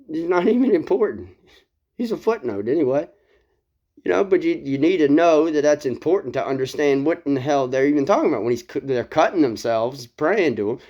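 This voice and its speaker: Brief: male host, casual rambling storyteller, lively pitch, frequent laughter, lo-fi sound. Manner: rambling, laughs often, swears casually, many restarts. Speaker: video host. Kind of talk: casual retelling of a Bible story.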